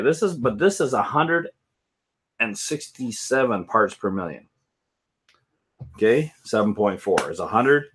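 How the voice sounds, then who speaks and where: A man hosting a casual whisky chat at home, rambling and joking with frequent laughs. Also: mid-range voice. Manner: rambling, jokey, loud laughs. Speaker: whisky channel host.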